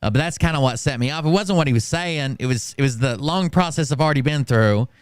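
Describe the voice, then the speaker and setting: A man casually telling a story on a stream, ranting in a profane and animated way. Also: mid-range voice, fast talker, clear, resonant tone, dry recording. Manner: profane, animated, full of fillers and restarts.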